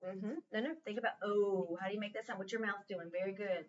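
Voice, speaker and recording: A woman's voice: mid-range voice, fairly even intonation, fast. A woman teaching a one-on-one phonics lesson, prompting patiently and stretching out her cues, in a school classroom. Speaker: reading teacher. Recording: distant, dull lo-fi recording.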